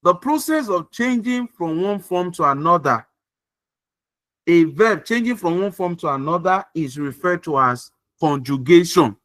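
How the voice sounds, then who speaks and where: High-voiced tutor checking understanding. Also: male voice, animated, a little slow, fairly bright tone, dry recording. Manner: repeats points and checks understanding often. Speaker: English tutor. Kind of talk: online grammar class. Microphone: video call.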